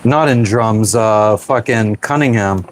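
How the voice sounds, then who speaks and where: A man's voice: on the low side, slow, slight background noise. A man from Pennsylvania chatting loosely with live viewers while cooking aboard a small sailing boat, swearing freely and answering questions. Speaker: sailing vlogger reading live chat. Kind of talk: casual live-stream chat.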